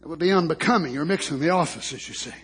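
A man preaching a sermon who moves from slow, hushed storytelling to fervent shouting, repeating words and calling out hallelujah. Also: fairly high pitch.

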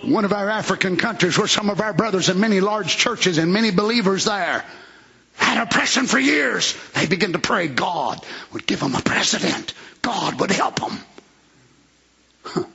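A man preaches with a strikingly high, bright voice. He drops low for plain talk, then breaks into shouted, fiery bursts. The recording sounds dull and lo-fi. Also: animated, normal speed, gravelly, breathy edge. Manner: shouting bursts, folksy Southern-style grammar. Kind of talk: fiery sermon.

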